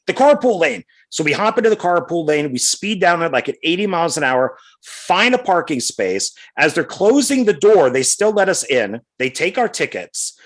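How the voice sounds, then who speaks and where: A middle-aged man co-hosting a podcast, telling a rambling story in a casual, animated way. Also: on the high side. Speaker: podcast co-host.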